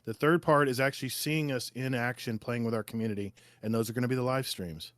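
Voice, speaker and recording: A man's voice: medium pitch, quick pace, fairly bright tone, dry recording, clean studio sound. A man guesting on a gaming podcast, enthusiastic and openly emotional in how he talks. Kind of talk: casual gaming podcast chat.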